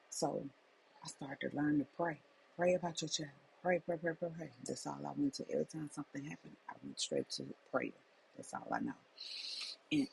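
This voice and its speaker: A woman's voice: low-pitched, vocal fry, darkish tone, a little hiss or hum, poor audio. A middle-aged woman, a life coach, telling a personal testimony as a faith message in an emphatic, repetitive storytelling manner.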